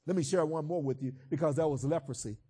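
A man with a notably high voice delivers a sermon as pastor. He speaks earnestly and plainly, urging his listeners directly. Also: fast, warm tone, slightly rough. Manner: earnest, direct exhortation to the congregation.

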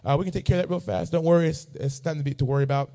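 A man's voice: a little high, animated, racing, mellow, voice pushed up. A man voicing a friendly male doctor who talks in a chummy, reassuring way during a sermon story. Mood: breezy.

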